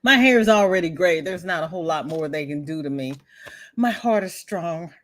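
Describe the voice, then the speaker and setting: A woman's voice: lowish voice, expressive, normal speed. A woman hosting a crochet livestream, chatting casually and greeting viewers by name, with folksy exclamations.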